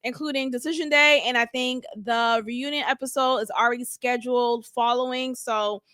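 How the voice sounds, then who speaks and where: A woman's voice: on the high side, steady tone, moderate pace, bright, forceful tone, clear, resonant tone, dry recording, studio quality. A young woman giving a sassy, blunt casual recap of a reality show as a channel host, with laughing asides. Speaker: reality TV reviewer.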